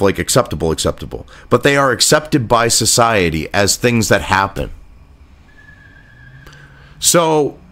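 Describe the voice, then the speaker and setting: A man's voice: fairly high pitch, a bit bright. A man ranting in political commentary, profane, sarcastic and indignant.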